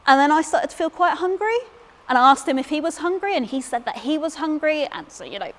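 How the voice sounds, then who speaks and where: A woman's voice: sits high, expressive, a little fast, fairly bright tone, in a large hall. A young woman from England tells a comic personal story on a theatre stage. She is chatty and self-deprecating, and often stumbles over repeated words. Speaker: solo performer.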